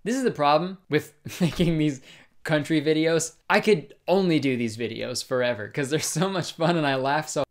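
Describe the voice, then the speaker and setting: Excitable, sarcastic young man. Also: fairly high pitch, moderate pace. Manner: excitable, sarcastic, swears a lot. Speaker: comedy YouTuber. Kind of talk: comedic commentary.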